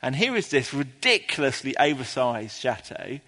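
A man preaching a sermon to a congregation in an earnest, explaining way, sometimes pausing with ums and restarting his sentences. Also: medium pitch, sing-song, sharp tone, long reverb tail. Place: church before a congregation.

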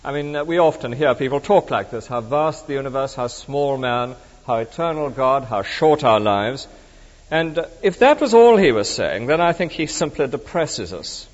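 A middle-aged man preaching a sermon in a conversational, animated way that swings between emphatic and hushed. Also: medium pitch, moderate pace. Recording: dull reverberant hall recording.

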